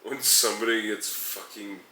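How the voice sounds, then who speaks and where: A man's voice: lowish voice, fairly even intonation, normal speed, pushed and bright, echoey room, a little hiss or hum, low-quality recording. A young man chatting in a laid-back, joking way as a guest on a vlog. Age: young adult. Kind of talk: casual chat. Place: room at home, at night.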